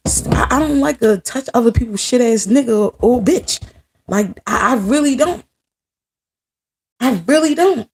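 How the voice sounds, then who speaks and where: A woman's voice: medium pitch, darkish tone, slightly rough. A woman in her thirties ranting to her viewers in a casual vlog, blunt and heavy on profanity. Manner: blunt, profane, venting angrily. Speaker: vlogger.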